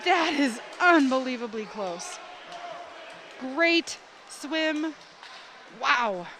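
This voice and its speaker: Woman swim commentator, high voice, slow pace, excitable, noisy indoor pool behind. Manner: excitable, rises to shouts at close finishes. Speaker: sports commentator. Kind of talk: live swim meet commentary. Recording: noisy poolside ambience.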